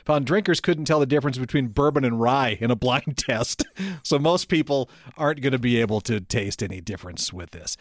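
A man co-hosting a casual podcast chat, animated, laughing often and restarting his sentences. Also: mid-range voice, no echo, clean studio sound. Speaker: podcast co-host.

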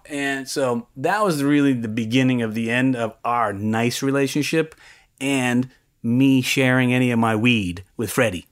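A man casually recounting a story from his past, lively and acting out other people's voices. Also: medium pitch, measured pace. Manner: animated, acts out the voices of others in his anecdotes. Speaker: interviewee recounting his studio career.

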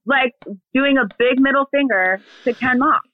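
A woman in her thirties, a podcast guest, telling an animated, profane story in casual chat. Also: high voice, normal speed, a crowd in the background. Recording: dry phone-like remote audio.

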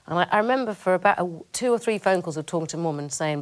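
A middle-aged woman with a northern English accent and a fairly low voice. She answers an interviewer candidly, pausing and restarting as she works through her thoughts. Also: lively intonation. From Rochdale, northern England. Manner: thoughtful, with frequent restarts and hesitations. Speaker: actress, interview guest.

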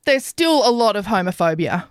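A middle-aged woman co-hosting a casual podcast chat, telling camp, animated stories and acting out her family's voices. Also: medium pitch, normal speed, no room sound, studio quality. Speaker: podcast co-host.

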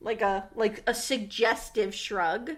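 A woman's voice: fairly even intonation, takes it slowly, crowd noise. A woman co-hosting a casual podcast, giving frank opinions on a reality show and swearing freely. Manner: frank, blunt opinions, swears, drops to low confiding tones. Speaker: podcast co-host.

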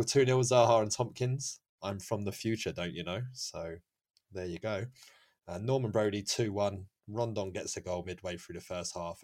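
Male podcast host, lowish voice, loose chat full of ums and laughs. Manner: chatty, laughs often, many fillers. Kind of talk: casual football podcast chat.

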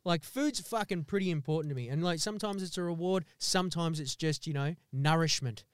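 A man with a high, smooth voice rants in a heated, profane, comedic way. He keeps checking in with his listeners and pushes each point hard. The sound is close and dry. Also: brisk, no echo. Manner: heated, sweary, repeats "do you know what I mean". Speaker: podcast host.

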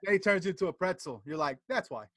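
A man's voice: sits high, fast talker, fairly bright tone, dry recording. A man co-hosting a casual podcast chat, rambling and hesitant as he works through notes. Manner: rambling, hesitant, fillers while reading notes. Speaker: podcast co-host. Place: podcast studio in Atlanta.

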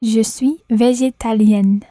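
A woman as a learner in a spoken language lesson, calmly and carefully repeating phrases. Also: on the high side, slow, no echo, clean studio sound. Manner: calm, careful repetition. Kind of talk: repeating phrases after a teacher.

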